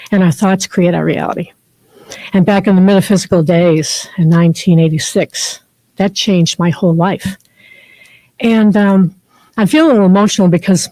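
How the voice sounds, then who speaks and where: In a chapel, a guest speaker who works as a therapist and spiritual teacher tells heartfelt, meandering stories to a group, using many fillers. Her voice is medium-pitched and mellow, in a rough recording without echo.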